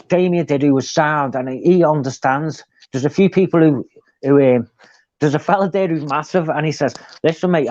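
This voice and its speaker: A chatty man, pitched a little high for a man. He tells his stories in an animated, running way. The sound is dull and lo-fi but dry. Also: no echo. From England. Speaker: co-host. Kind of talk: casual live chat.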